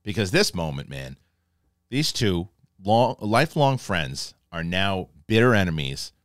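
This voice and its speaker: Excitable man reviewing a TV episode. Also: low voice, measured pace, dry recording, studio quality. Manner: excitable, swears casually, acts out scenes in quotes. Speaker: TV review show host. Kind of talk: animated spoiler review talk.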